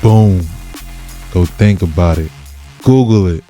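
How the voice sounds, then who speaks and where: A man's voice: sits low, slow, warm tone, soft background music. A man hosting a reaction channel, commenting casually with laid-back slang.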